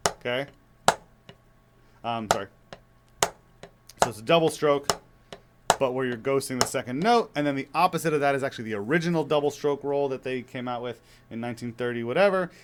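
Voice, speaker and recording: A man who is a father of young children, teaching drums in a relaxed, chatty way with many fillers and restarts. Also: medium pitch, noisy background. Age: young adult to middle-aged, father of young kids. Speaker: drum teacher. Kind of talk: casual spoken drum lesson.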